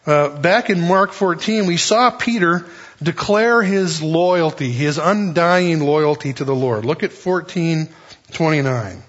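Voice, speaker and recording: A man's voice: on the high side, measured pace, a bit bright. A man preaching an expository sermon in a conversational way, with folksy asides. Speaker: pastor. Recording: dull lo-fi recording.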